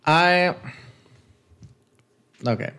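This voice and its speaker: A man co-hosting a podcast in casual chat, explaining his views in a measured, reflective way. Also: fairly high pitch, pushed and bright, clean tone. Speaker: podcast co-host.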